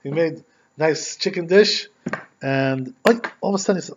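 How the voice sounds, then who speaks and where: A man's voice: on the high side, normal speed, slight background noise. A male rabbi giving a conversational lesson on religious law and telling stories, often checking in with "right?". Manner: conversational, frequent "right?" tag questions. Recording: dull lo-fi recording.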